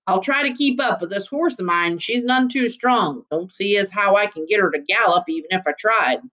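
A woman's voice: medium pitch, lively intonation, moderate pace, a bit bright, natural voice. A woman voicing a chatty, folksy small-town male constable with a rural drawl. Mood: gruff.

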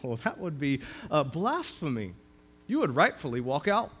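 A man's voice: on the high side, very animated, moderate pace, a bit bright, breathy edge. A man preaching a sermon as pastor of a church, earnest and rising to emphasis when he quotes scripture.

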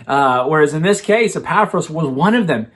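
A man's voice: fairly high pitch, animated, normal speed, a bit bright. A man, a pastor preaching a sermon in a conversational way, often restarting phrases and using fillers.

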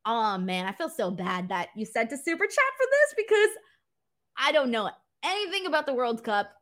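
A woman's voice: high-pitched, sing-song, normal speed, a bit bright. A woman hosting a live stream from home, chatting casually and animatedly while reading viewer messages, laughing often. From Los Angeles-based, lives in L.A. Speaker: wrestling show host. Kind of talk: live stream chat reading super chats.

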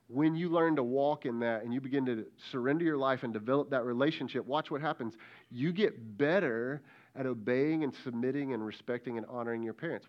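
A man's voice: medium pitch, dull audio. A middle-aged man, a lead pastor, preaching a conversational sermon and calling out directly to kids and students.

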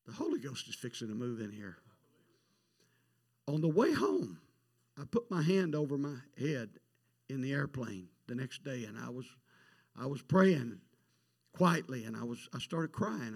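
A middle-aged man preaching a missions sermon, telling a story and swinging from quiet asides to loud emphatic peaks. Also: mid-range voice, very animated, unhurried, vocal fry, long pauses, slightly rough. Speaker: pastor.

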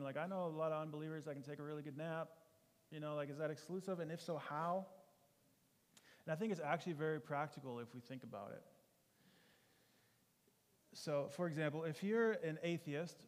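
A male pastor preaching a sermon in an earnest, conversational way, often asking rhetorical questions. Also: on the high side. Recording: long hall reverb.

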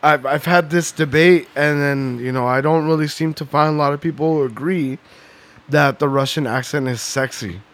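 A man co-hosting a casual podcast, his voice sitting a little high. He rambles through stories and swears freely, breaking into laughter between thoughts. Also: moderate pace, fairly bright tone. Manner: profane, rambling, laughs often. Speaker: podcast co-host. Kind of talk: casual chat.

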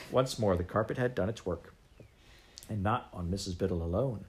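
A man reads a children's storybook aloud. His voice is low and steady, and his reading is measured. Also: a little hiss or hum. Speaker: audiobook reader. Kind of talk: storybook narration.

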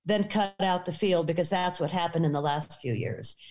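A middle-aged American woman telling a personal story in a lively way, acting out the voices of the people in it. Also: on the low side, moderate pace. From United States. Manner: animated, acts out quotes.

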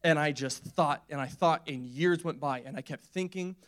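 Young male preacher, slightly high voice, casual and repetitive sermon delivery, quick to laugh. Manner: conversational, repetitive, laughs often. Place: church.

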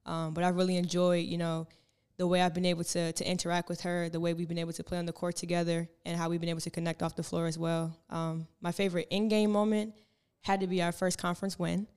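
A young woman, a college basketball player, answering interview questions in a calm, reflective way with many filler words. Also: on the low side, quick pace, clean tone. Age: young adult. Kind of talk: casual interview.

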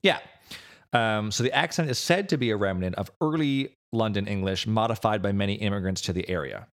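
A man with a fairly low voice co-hosts a relaxed podcast conversation. He explains things at length, restarting sentences and filling pauses as he goes. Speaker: podcast co-host. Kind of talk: casual chat.

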